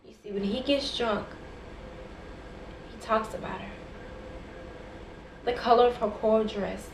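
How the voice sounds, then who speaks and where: A woman's voice: mid-range voice, steady tone, a little slow. A woman giving a dramatic, rhythmic spoken word poetry performance that swells to impassioned intensity. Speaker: poet. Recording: echoey room with faint background noise.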